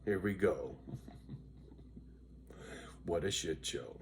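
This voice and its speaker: A man's voice: sits low, extremely slow, slight background noise. Worn-out, foul-mouthed middle-aged man. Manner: profane, chatty, keeps asking "right?". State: worn out and loopy. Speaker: vlogger. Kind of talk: casual rambling monologue to viewers.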